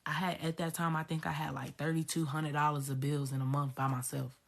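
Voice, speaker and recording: Woman, low husky voice, blunt and profane, personal vlog storytelling. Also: flat delivery, brisk. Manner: emphatic, profane, repeats herself. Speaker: spiritual coach.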